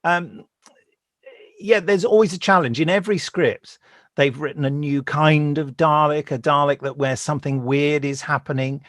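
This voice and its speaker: A middle-aged man, a voice actor, telling anecdotes on a video call from home. He tells them in a lively way and acts out the voices of the people he quotes. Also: on the high side, moderate pace, no echo, clean studio sound. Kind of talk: anecdotal interview chat.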